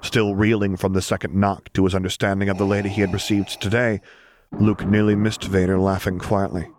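A man narrating a story in a steady, gentle audiobook reading. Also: low voice, a little fast, a little hiss or hum.

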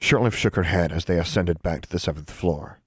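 Audiobook narrator, man, very low voice, dry booth sound, measured delivery. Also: husky, dry recording. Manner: steady, measured storytelling. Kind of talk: scripted narration.

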